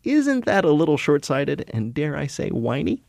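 A man's voice: fairly high pitch, big pitch swings, moderate pace, gravelly, a little mellow, dry recording, clean studio sound. A man hosting a casual TV discussion, wry and talkative, slipping into mock voices. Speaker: podcast host.

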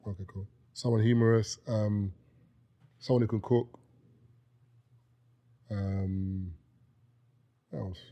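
A man's voice: on the low side, fairly even intonation, slow pace, pauses often, muffled recording. Joking British man in casual chat. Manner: joking, bantering, laughs often. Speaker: podcast guest.

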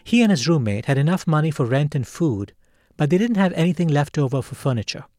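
A man hosting a podcast, narrating a true story in a calm, measured scripted read. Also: a little high, no room sound, studio quality, faint music behind. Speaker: podcast host.

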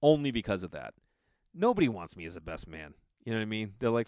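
In studio-quality audio with no echo, a middle-aged man rattles through a lengthy funny story at a quick pace. It's storytelling stand-up, and he brings the people in it to life, acting out his quoted friends with big pitch leaps and lots of animation.

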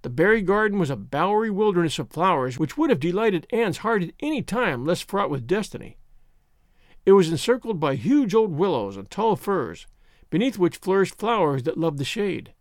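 A man narrating a classic novel as an audiobook, in an expressive storytelling manner. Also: high-pitched, moderate pace, dry recording, clean studio sound. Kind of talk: scripted narration.

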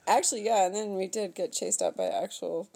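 Playful woman with a mellow voice. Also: medium pitch, sing-song, brisk, creaky. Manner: laughs often, playful and teasing. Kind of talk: casual chat.

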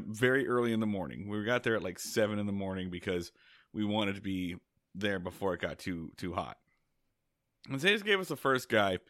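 Man, podcast co-host, bright voice, rambling storyteller, dry close sound. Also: lowish voice, dry recording. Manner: rambling storyteller, restarts and laughs. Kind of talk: casual podcast chat.

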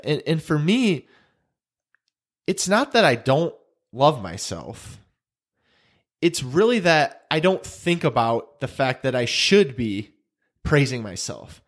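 A man's voice: mid-range voice, big pitch swings, unhurried, long pauses. A man, co-hosting a podcast in casual chat, earnest and emotional, often repeating his words. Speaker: podcast co-host.

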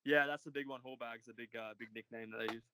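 Bright-voiced young Australian man. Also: medium pitch, fairly even intonation, fast, smooth, no echo, low-quality recording. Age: 20s. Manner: laid-back and rambling, heavy on "like" and "uh". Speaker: podcast guest, college runner. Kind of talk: casual interview chat.

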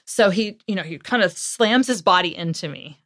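A woman's voice: on the low side, moderate pace, no echo, clean studio sound. A woman guest on a podcast interview, talking casually as a parenting author and acting out the lines she and her kids said. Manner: lively storyteller who acts out what she and her kids said; conversational, with fillers and laughs.

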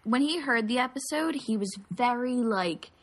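Young woman chatting on a podcast, kinda high voice, talks about her folks and laughs a lot. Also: lively intonation, moderate pace. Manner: chatty, laughs along, tells stories about her parents. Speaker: podcast co-host. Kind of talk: casual chat.

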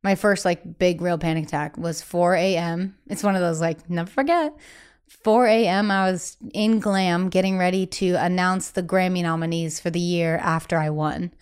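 A woman guest singer chatting casually in an interview, animated and acting out quotes in other voices, laughing often. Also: lowish voice, normal speed, clean tone.

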